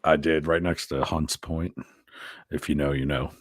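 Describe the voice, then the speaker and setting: A man's voice: a bass voice, fairly even intonation, moderate pace, no echo, clean studio sound. A man hosting a casual live-stream chat, telling stories full of swearing and crude jokes. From Pennsylvania. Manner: crude, profane joking banter. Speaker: podcast host.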